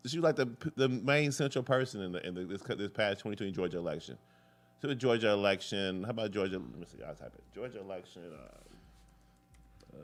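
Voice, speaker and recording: A man hosting a live political commentary show, talking casually, rambling off on tangents and cursing freely. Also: on the low side. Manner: rambling, jumps between tangents, curses freely.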